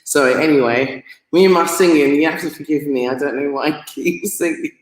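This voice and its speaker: A woman chats her way through a live stream, greeting viewers one by one as she reads out their comments. She sounds excitable and laughs easily, and she trips over unfamiliar names as she goes. Her voice carries a roomy echo. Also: low voice, fairly quick. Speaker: livestream host reading viewer comments. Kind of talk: casual live stream chat.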